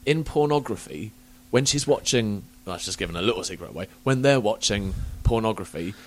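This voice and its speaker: A man's voice: on the low side, animated, fairly quick. A man from England hosting a podcast, chatting casually, swearing a lot and laughing often. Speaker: podcast host. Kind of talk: casual chat.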